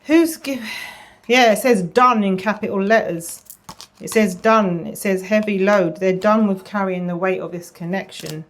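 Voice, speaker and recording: A woman giving a casual tarot reading, chatty, often repeating phrases and dropping into a soft murmur. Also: medium pitch, unhurried. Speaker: tarot reader.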